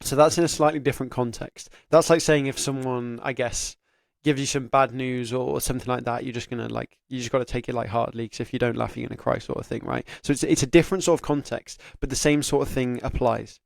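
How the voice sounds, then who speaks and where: A man's voice: medium pitch, fairly even intonation, fast, vocal fry, no echo, clean studio sound. A young man giving casual career advice to camera, chatty and laughing often, slipping into mock inner voices. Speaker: careers YouTuber.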